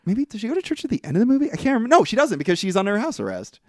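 A man casually recapping a movie on a podcast, lively and profane, breaking into mocking high outbursts. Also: very fast, dry recording, clean studio sound. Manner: lively, swears, mimics characters in exaggerated high outbursts. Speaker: podcast co-host.

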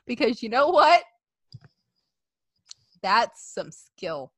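A woman co-hosting a casual podcast, laughing often and acting out quotes in an animated way. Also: a little high, extremely slow, pauses often, no room sound. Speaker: podcast co-host. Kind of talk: casual wrestling podcast chat.

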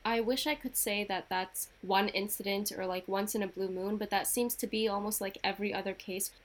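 A young woman co-hosting a podcast, speaking in a measured way, reading definitions aloud and posing questions. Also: mid-range voice, fairly even intonation. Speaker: podcast co-host. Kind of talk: casual podcast chat.

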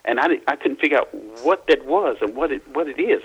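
A man from Louisiana, an interview guest, recounting personal experiences in a halting way, often repeating and restarting words. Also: a little high, husky, dull audio.

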